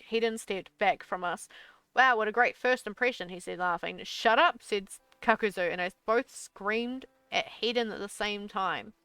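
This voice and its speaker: A woman's voice: mid-range voice, sharp tone. A young woman streamer reading her old story aloud, breaking off into exasperated, swearing asides.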